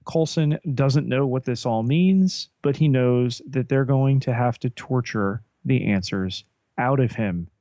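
Male podcast co-host, measured unhurried recap, mid-pitched, dry close mic. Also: warm tone, no room sound. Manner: unhurried plot summarizing with fillers. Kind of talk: casual episode recap.

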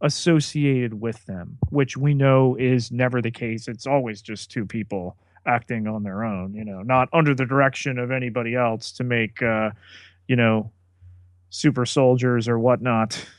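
A man co-hosting a podcast, narrating plot beats in a measured recap. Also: medium pitch, fairly even intonation, dry recording. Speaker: podcast co-host. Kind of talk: casual episode recap.

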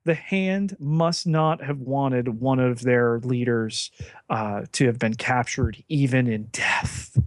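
A man with a mid-range voice unhurriedly picks apart an episode's fights and motives. His co-host recap is calm and analytical. The recording is close and dry. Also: medium pitch, takes it slowly, dry recording. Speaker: podcast co-host.

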